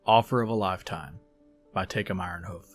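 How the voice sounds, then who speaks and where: A man hosting a podcast, reading a story aloud in a calm, measured, soft-spoken way. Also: low voice, soft background music. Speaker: podcast host and story reader. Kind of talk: scripted story narration.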